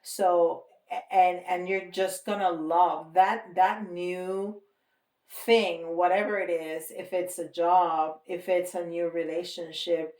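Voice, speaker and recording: A woman talks viewers through a tarot reading in a relaxed, reassuring way, and she often breaks into light laughter. Her pace is very slow and her voice sits a little low. She sounds set back from the mic in a roomy, echoing space. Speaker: tarot reader. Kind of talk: casual tarot reading to camera. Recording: roomy, from a distance.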